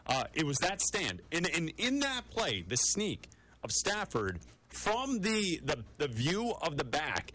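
A man co-hosting a national sports radio talk show, brisk and conversational, moving quickly through show promos and game breakdown. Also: on the high side, wildly swooping pitch, background noise.

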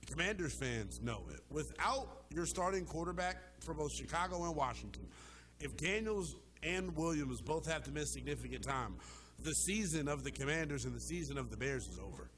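A man's voice: a little high, animated, moderate pace, crowd noise. A man hosting a sports talk show, arguing with emphatic, impassioned delivery and casual slang. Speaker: sports radio host.

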